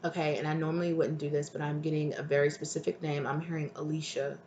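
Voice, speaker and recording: Tarot reader, soft and hesitant, mid-pitched, echoey room with light background noise. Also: level tone, fast. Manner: soft, tender, hesitant, calls listeners "my love". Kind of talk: intuitive tarot reading to viewers. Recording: roomy with faint ambient noise.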